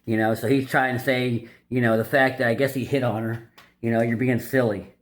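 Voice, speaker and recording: A man's voice: medium pitch, level tone, a little fast. Rambling, opinionated man talking casually. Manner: rambling, with many fillers and restarts; blunt and opinionated. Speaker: video host summarizing a dating-advice book. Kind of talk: casual unscripted commentary.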